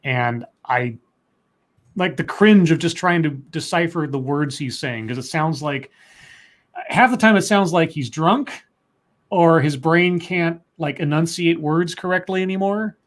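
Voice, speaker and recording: A man's voice: on the high side, unhurried. A man co-hosting a casual livestream, reading news stories aloud and rambling on with chatty asides and fillers.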